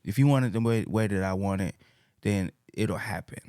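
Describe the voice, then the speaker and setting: A man's voice: lowish voice, moderate pace, warm tone, smooth, no room sound, studio quality. A man in a casual chat, talking reflectively and searching for his words.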